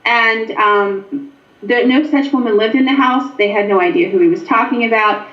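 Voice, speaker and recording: Woman, animated storyteller, interview guest, echoey room, muffled audio. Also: a little high, moderate pace. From Pennsylvania. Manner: animated storyteller, frequent ums. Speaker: paranormal investigator and author. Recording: echoey, dull lo-fi sound.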